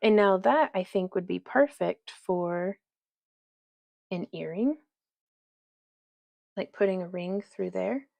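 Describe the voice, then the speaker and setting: Lady crafting on a livestream, gravelly voice, real dry close sound, chatty. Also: medium pitch, takes it slowly, pauses often, darkish tone, no echo. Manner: chatty, reads viewer comments aloud, talks to her dog. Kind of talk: casual crafting livestream chat.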